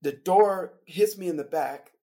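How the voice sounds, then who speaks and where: A man who plays in a band, telling a story from the road as a guest on a podcast, lively and laughing as he recounts it. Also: sits high, a little slow. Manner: animated, vivid retelling with laughter. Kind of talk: casual storytelling.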